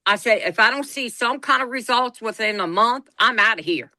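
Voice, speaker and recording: A woman's voice: on the high side, moderate pace, no room sound. A middle-aged woman, telling a personal story on a podcast and acting out the quoted lines as she goes. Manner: animated retelling, acts out quoted dialogue. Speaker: podcast co-host.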